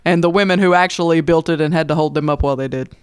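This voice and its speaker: A woman with a Southern US accent, a teacher co-hosting a podcast, telling stories with animated energy. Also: low voice, very fast, clean tone. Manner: animated storytelling, laughs easily. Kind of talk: casual chat.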